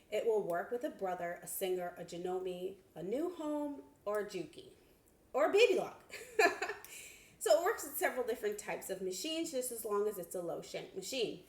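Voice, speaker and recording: In a home sewing room with an echoey sound, a woman with a medium-pitched voice gives a casual review of a sewing product. She's chatty and expressive, laughing and exclaiming as she goes.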